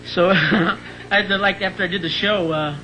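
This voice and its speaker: A male comedian with a high voice talks in a wry, conversational way, then bursts into full-throated screams. His delivery jumps between a mutter and a roar. The sound is old television audio with a lot of hiss and noise. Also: fairly even intonation, moderate pace, bright, forceful tone. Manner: erupts into screaming rants. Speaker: stand-up comedian and talk-show guest. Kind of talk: stand-up comedy and chat. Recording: noisy archival TV broadcast.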